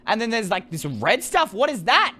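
A woman giving chatty, animated let's-play commentary to her viewers, often exclaiming in excitement. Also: a little high, normal speed, a little hiss or hum. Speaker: gaming video creator.

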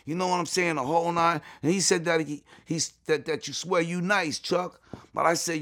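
A middle-aged man from New York telling stories in an interview, excitable and full of asides, often jumping up high when he quotes people. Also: normal speed. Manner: excitable, repeats "you know what I'm saying", jumps to high voice when quoting. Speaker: interview guest. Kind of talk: animated storytelling.

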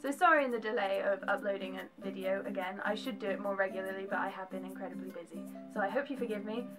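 In a home vlog, a young English vlogger chats to camera with animated, jokey asides, her English accent carrying a slight American twang. She talks fast in a mid-range voice over loud music.

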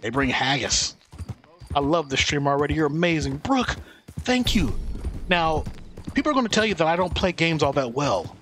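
A man's voice: fairly high pitch, sing-song, normal speed, fairly bright tone, slight background noise. A man streaming a video game, joking and rambling as he thanks chat by name. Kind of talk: casual live-stream chat.

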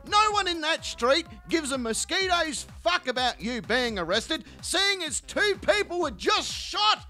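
A man's voice: very high-pitched, sing-song, measured pace, bright, forceful tone, soft background music. A man hosting a commentary channel, delivering a crude, profane, insulting comedic rant.

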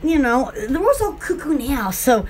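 A woman's voice: high-pitched, big pitch swings, measured pace, fairly bright tone. A woman hosting her own channel, rambling playfully and giggling as she acts out silly scenes. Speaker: channel host.

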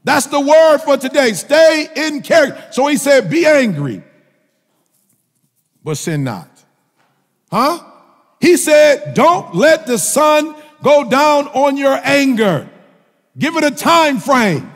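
A male minister preaching a sermon in a colloquial, joking style, with impassioned shouts and repeated phrases. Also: very high-pitched, expressive, takes it slowly. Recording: long reverb of a large hall.

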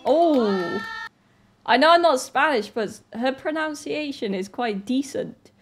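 A woman's voice: high voice, animated, slow, faint music behind. A woman in her twenties from Britain, chatting casually and laughing often as she reacts to a video. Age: 20s.

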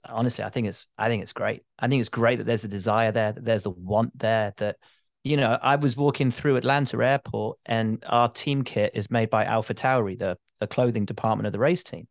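Man, middle-aged, podcast guest; emphatic, expansive delivery, mid pitch, dead dry audio. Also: steady tone, normal speed, dry recording. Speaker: guest, motorsport reporter. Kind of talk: casual podcast chat.

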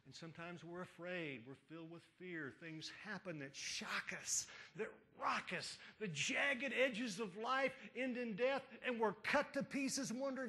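High-voiced preaching pastor, emphatic. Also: male voice, unhurried, few pauses. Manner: preaching with rising emphatic questions and hushed drops. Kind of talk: Easter sermon. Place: church sanctuary.

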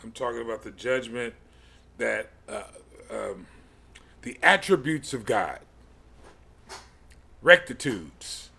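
A middle-aged man gives a sermon-style Bible lesson in a gravelly voice. He talks very slowly, breaking his phrases with pauses and small restarts as he works through his ideas. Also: mid-range voice, lively intonation, bright, forceful tone. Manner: slow, halting delivery with many pauses and restarts. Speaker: podcast teacher.

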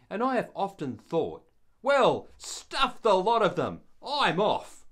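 An older man narrating a devotional Bible story in an earnest, measured way. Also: mid-range voice.

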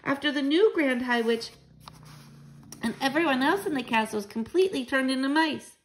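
Eager storybook mouse-boy, woman reader, high and lively. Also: a little hiss or hum. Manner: excited, quick to exclaim.

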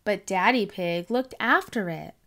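A woman voicing a calm, patient mother pig in a children's storybook, speaking gently and reassuringly. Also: medium pitch, a little slow.

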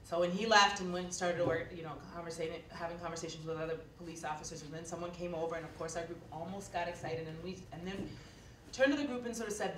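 A woman's voice: lowish voice, quick pace, fairly bright tone. Woman, keynote speaker, earnest storytelling, conversational, distant mic, roomy hall, faint background hiss. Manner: earnest, conversational, with frequent fillers. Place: lecture hall. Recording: echoey hall recorded from afar.

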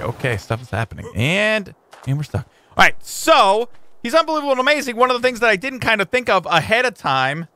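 A young man narrates his game in a casual, excitable way, talking to his creatures like buddies. His voice sits a touch high and sounds bright and energetic. His pitch bounces around constantly as he reacts. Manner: excitable, playful slang, talks to his creatures. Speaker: gaming YouTuber. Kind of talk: casual let's-play commentary.

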